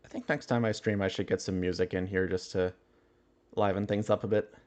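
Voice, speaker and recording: Low-voiced man chatting on a livestream. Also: steady tone, brisk, a little mellow. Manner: musing aloud, chuckling often. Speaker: livestreamer reading chat. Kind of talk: casual livestream chat.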